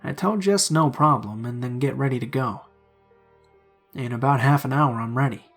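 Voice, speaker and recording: Man, horror story narrator, hushed suspenseful delivery, raspy voice, faint background music. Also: medium pitch, moderate pace. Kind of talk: scripted narration of horror stories.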